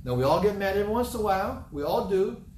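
Man, middle-aged pastor, folksy sermon, slightly high voice, echoey church hall, mic at a distance. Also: animated, fast, darkish tone, a little hiss or hum. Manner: folksy storytelling, repeats himself. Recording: roomy, from a distant mic, faint ambience.

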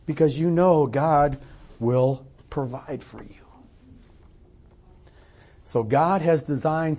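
A male pastor delivers a sermon in a casual, conversational way, slipping into short acted-out quotes. His voice sits a little high. The recording is muffled and lo-fi. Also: warm tone. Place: church sanctuary.

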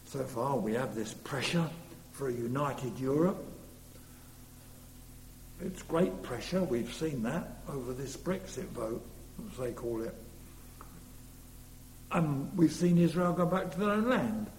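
A man's voice: medium pitch, expressive, slow, long pauses, darkish tone. A man preaching a sermon earnestly, leaning hard on key words. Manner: earnest, rising to emphatic stresses. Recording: long reverb in a hall, faint hum.

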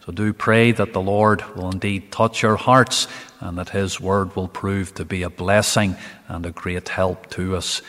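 Preacher in a reverberant empty church. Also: male voice, low-pitched, level tone, fairly bright tone. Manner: emphatic, slow, rising on key phrases. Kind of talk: midweek Bible study sermon. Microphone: camera recording for online viewers.

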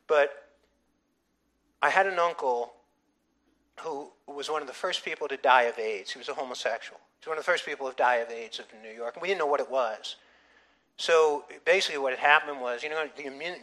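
Brief: middle-aged male pastor, emphatic sermon storyteller, bright tense tone. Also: a little high. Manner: animated, emphatic storytelling with frequent restarts.

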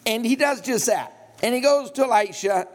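A man with a high-pitched voice preaches a sermon. He retells a scripture story in everyday words, slips in humorous asides and acts out the characters' lines. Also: moderate pace.

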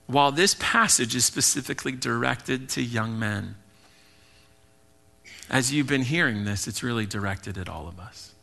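A male pastor preaching an earnest, emphatic sermon, slipping into quick acted asides. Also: medium pitch, bright, forceful tone.

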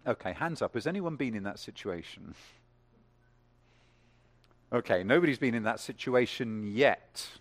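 A man preaching in church, his voice moving widely as he builds to emphatic peaks. His pitch sits in the middle range. He keeps asking the congregation questions and asking for hands up. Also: expressive, moderate pace, long pauses. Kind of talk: sermon.

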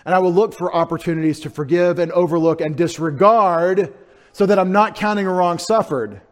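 Male pastor, sermon, slightly high voice, animated delivery, loud-to-quiet swings, conversational asides, spells out words. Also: brisk. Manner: spells out and sounds out Greek words.

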